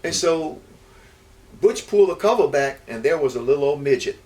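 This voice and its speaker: His voice on the high side and his speed normal, an older ex-baseball player from Houston, Texas tells interview stories about his life. He drifts, repeating and restarting, and perks up recalling events. It's recorded on a distant mic with faint background noise.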